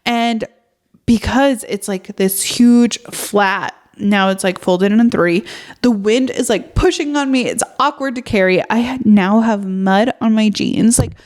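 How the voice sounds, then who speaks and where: A woman's voice: mid-range voice, a little slow, a little mellow. Rambling woman podcaster telling a story. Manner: rambling, filler-heavy, exasperated retelling. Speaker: podcast host. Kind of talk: casual storytelling monologue.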